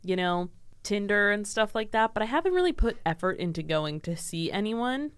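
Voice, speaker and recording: A woman's voice: mid-range voice, big pitch swings, moderate pace, clean tone, no room sound, studio quality. A young woman with an American accent, a podcast guest chatting candidly and swearing casually. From Scotland. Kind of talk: casual chat.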